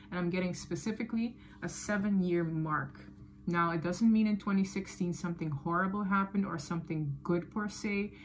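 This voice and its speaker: A woman giving a tarot reading to her viewers, talking in a loose, animated way, often laughing and repeating phrases. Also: fairly low pitch, a little hiss or hum, low-quality recording. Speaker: tarot reader. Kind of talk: casual tarot reading to camera.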